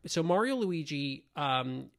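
Gravelly higher-voiced man chatting casually. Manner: animated, quick-fire questions. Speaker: podcast co-host. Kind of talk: casual chat reviewing an old show.

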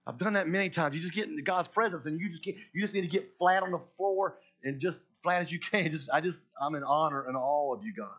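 A pastor preaching a sermon in an emphatic way, swinging between hushed and loud. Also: male voice, high voice, quick pace, hardly any pauses, lo-fi sound.

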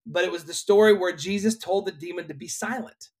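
Young male worship leader, a touch high-pitched, earnest and animated, conversational testimony delivery. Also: fairly quick. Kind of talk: conversational storytelling on a podcast.

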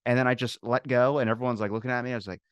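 Male podcast guest, mid-range voice, quick rambling storyteller, dry close mic. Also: medium pitch, fairly even intonation, clear, resonant tone, dry recording. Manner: rambling, quick anecdotes with frequent fillers. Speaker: podcast guest, food truck owner. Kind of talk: casual chat.

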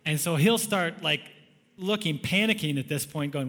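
Male pastor, slightly higher voice, chatty sermon storyteller who chuckles often, big hall reverb. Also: moderate pace, sharp tone. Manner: conversational, storytelling with frequent chuckles.

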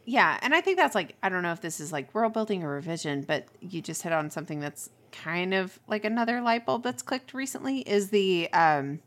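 A woman's voice: on the low side, lively intonation, a little fast, few pauses, a bit bright. A woman co-hosting a casual chat who teaches by day, teasing and acting out quoted voices. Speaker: podcast co-host, teacher.

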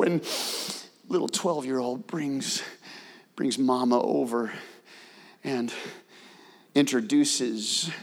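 Animated preacher in a reverberant hall. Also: male voice, a little high. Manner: animated preaching, swinging from hushed to shouting. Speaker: pastor. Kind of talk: sermon. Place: church sanctuary. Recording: long reverb of a large hall.

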